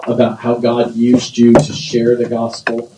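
A man's voice: medium pitch, completely flat delivery, unhurried, music in the background. A man preaching a sermon as pastor, emphatic, repeating phrases and drawing responses from the congregation. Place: church sanctuary. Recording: roomy church echo, distant mic.

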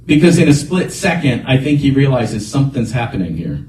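A man with a medium-pitched, slightly mellow voice preaches a sermon as a pastor, earnest and emphatic, repeating his key points. The recording sounds echoey, as if picked up from a distance in a large room.

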